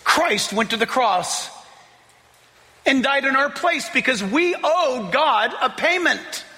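A man preaching a sermon in an animated, conversational way, mixing scripture with joking asides. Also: extremely high pitch, takes it slowly, in a large hall.

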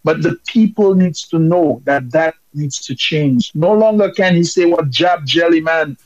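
A man's voice: fairly high pitch, expressive, measured pace, darkish tone, no echo. Impassioned man ranting, lo-fi. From Dominica. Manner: impassioned, emphatic, repetitive. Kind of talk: political commentary.

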